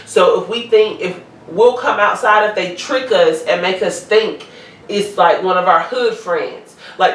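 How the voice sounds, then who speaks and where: A woman guest telling her own story in a casual, animated way. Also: mid-range voice, a little slow. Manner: animated, acts out quoted voices. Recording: echoey room, distant mic.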